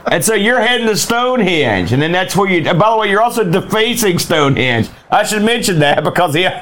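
High-voiced man ranting about games. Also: a little fast. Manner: rambling, animated, exasperated ranting. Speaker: co-host reviewing retro games. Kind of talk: casual chat.

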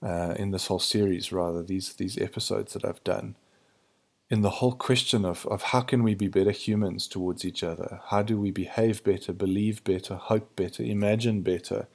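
Male podcast host, low gravelly early-morning voice, reflective searching monologue. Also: steady tone, moderate pace, darkish tone. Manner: searching, hesitant, restarts to find words.

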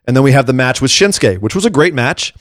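A man's voice: mid-range voice, fast, no room sound, clean studio sound. A man co-hosting a casual chat, retelling events with energy and acting out what people said. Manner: animated, acts out quotes while retelling. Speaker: podcast co-host. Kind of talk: casual chat recapping wrestling.

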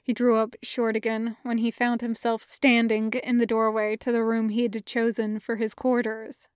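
A woman narrating a fan fiction audiobook with a measured, careful reading. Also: fairly high pitch, monotone, smooth, no echo, studio quality. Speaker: podfic reader.

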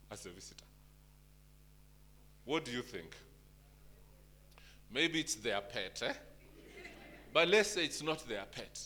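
Rousing preacher with a bright, forceful voice. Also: male voice, medium pitch, a little hiss or hum. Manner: rousing, rhetorical questions to the congregation. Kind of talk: sermon.

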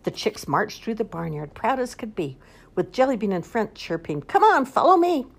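An older woman reading picture books aloud to a child in an expressive, sing-song way. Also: normal speed, creaky, breathy edge. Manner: sing-song, expressive read-aloud with lively pitch swings. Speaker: storyteller.

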